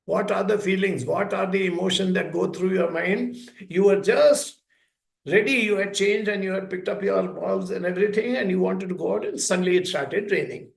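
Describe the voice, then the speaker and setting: Guy giving a talk, kinda high voice, slow and deliberate, echoey hall. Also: vocal fry. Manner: slow, deliberate, acts out child and parent dialogue. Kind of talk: lecture with plain everyday examples. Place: school hall. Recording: echoey room.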